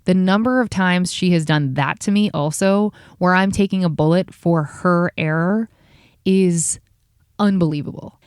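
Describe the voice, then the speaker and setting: A woman with a lowish voice pours out a heated, profane rant as a podcast host, talking fast. She sounds tired after a long day. The recording is dry and close, with no room sound. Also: clear, resonant tone, no echo. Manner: heated, profane, rapid-fire venting.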